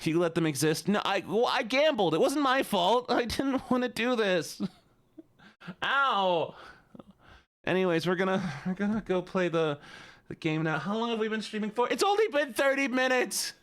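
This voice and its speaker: Man doing a whiny girly voice, high and bouncy, for playful stream banter. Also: lively intonation, moderate pace, fairly bright tone. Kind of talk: live game stream banter.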